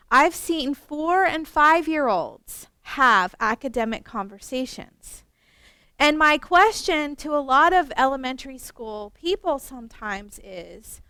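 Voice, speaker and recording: Animated storytelling woman from West Virginia. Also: sits high, clean tone, no room sound. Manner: animated, self-mocking humor. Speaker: teacher trainer. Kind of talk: storytelling in a teacher workshop.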